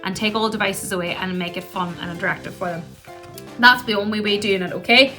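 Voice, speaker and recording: Play therapist, female, 30s, chatty, bright crisp voice, faint music underneath. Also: mid-range voice, brisk. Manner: chatty, acts out gentle puppet voices. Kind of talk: instructional talk to camera.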